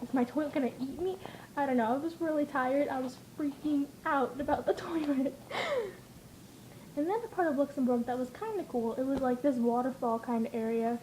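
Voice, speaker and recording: A woman's voice: high-pitched, mellow, slight background noise, low-quality recording. A woman vlogging in a casual, rambling way, giggling and acting out her own reactions as she tells stories. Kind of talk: casual chatty vlog storytelling.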